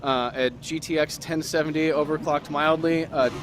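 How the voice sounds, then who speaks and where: A middle-aged man with a slightly high voice gives loose, running commentary over a headset mic while racing in a simulator. He talks in quick bursts, full of fillers and restarts. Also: fairly even intonation, slight background noise. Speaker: sim racing YouTuber. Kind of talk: casual commentary while driving.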